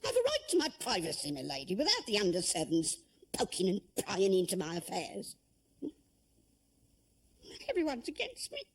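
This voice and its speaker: Husky, tearful cook. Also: female voice, medium pitch, huge pitch swings, normal speed, long pauses, full character voice. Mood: aggrieved. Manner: defensive, then tearful and heartfelt. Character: proud touchy older female household cook. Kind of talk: period television drama.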